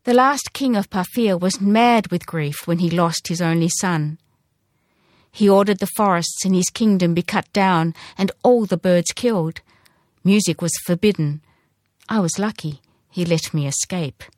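A very old male hoopoe bird from a storybook, read by a woman, grave and gentle. He speaks slowly and solemnly, full of quiet sorrow. The voice sits a little low and sounds dry and close. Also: dry recording, natural voice.

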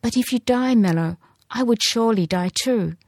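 A woman's voice: a little high, normal speed, a little mellow, dry recording, studio quality, voice pushed up. A woman voicing an earnest young girl raised by a wise bird, asking anxious, pleading questions.

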